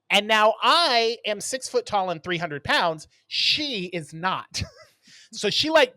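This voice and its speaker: A man co-hosting a podcast in casual chat, telling stories in an animated way and acting out what people said. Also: sits high, no room sound. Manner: animated storyteller who acts out quotes. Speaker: podcast co-host.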